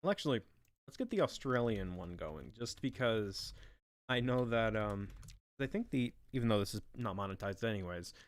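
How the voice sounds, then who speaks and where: A man's voice: on the low side, animated, moderate pace, dry recording. A young man casually narrating a fan-made game, thinking aloud with fillers and offhand swearing. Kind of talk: casual unscripted commentary.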